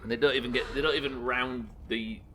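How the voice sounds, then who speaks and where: Chatting with his viewers during live gameplay commentary, this young UK streamer talks quickly in a mid-range, fairly bright voice with fairly even intonation. He rambles, mocks himself, swears offhandedly and reads chat messages out loud, with slight background noise present.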